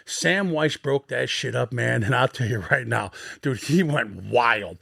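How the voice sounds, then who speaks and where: A man in his fifties telling rough, profane stories as a podcast guest in an animated, swearing way. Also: medium pitch, measured pace, few pauses, no room sound, studio quality. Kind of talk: casual storytelling on a sports podcast.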